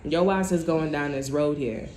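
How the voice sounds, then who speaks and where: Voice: mid-range voice, moderate pace, darkish tone, slight background noise. A tarot reader talking straight to viewers in a blunt, chatty, profane way. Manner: direct address to viewers. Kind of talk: casual tarot reading monologue. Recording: echoey room.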